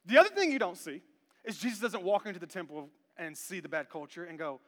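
High-voiced pastor in a ringing hall. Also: male voice, lively intonation, fast. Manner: playful, bursts from quiet talk into shouting. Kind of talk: animated sermon. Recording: long church hall reverb.

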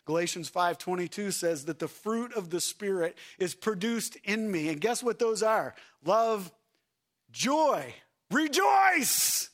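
A male pastor with a high-pitched voice preaches a sermon. He swings from loud, shouted passages down to soft, hushed lines and keeps asking the congregation questions. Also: big pitch swings, takes it slowly. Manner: swings between shouting and soft, quiet delivery; asks the congregation rhetorical questions.

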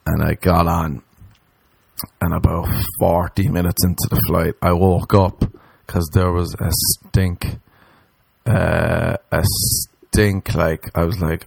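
A man, a comedian, spins a loose anecdote in casual chat. His voice sits a little low, and he swears freely while mimicking the people in his story. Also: moderate pace, vocal fry, a little mellow, no room sound. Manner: swearing, acts out quoted voices.

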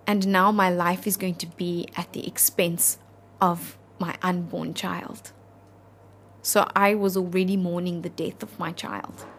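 A South African woman in her thirties, an interview guest telling a personal story in an earnest, halting, heartfelt way. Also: fairly low pitch, flat delivery, a bit bright, slight background noise.

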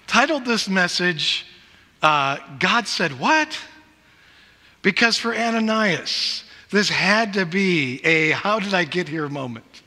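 A man's voice: high-pitched, animated, slow, sharp tone. A middle-aged male pastor preaching a sermon, telling stories in a self-deprecating way. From Pacific Northwest. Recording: reverberant church hall.

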